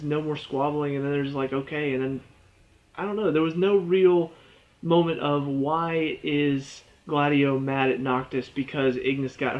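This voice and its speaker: Male game reviewer, a bit high-pitched, exasperated casual rambler, muffled recording. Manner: rambling, exasperated, with many "you know" and "all of a sudden".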